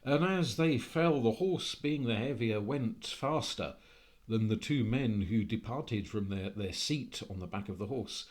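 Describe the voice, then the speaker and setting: A man telling a folk tale live at a convention, with dramatic delivery that swings between slow and hurried. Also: on the low side, animated. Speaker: storyteller. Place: convention room.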